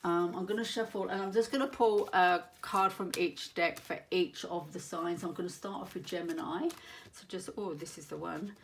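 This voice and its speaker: A woman's voice: lowish voice, fairly even intonation, moderate pace, slight background noise. A woman giving a monthly tarot reading to viewers, talking in an earnest, meandering way and searching aloud for her words. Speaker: tarot reader.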